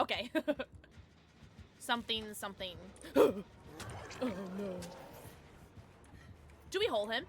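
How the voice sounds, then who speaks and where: Brief: woman game streamer, high and bouncy, shrieky, chats with viewers. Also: slow, pauses often, a little hiss or hum. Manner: excitable, shrieks and laughs; chatty, swears, thanks chat. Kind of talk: live gameplay commentary.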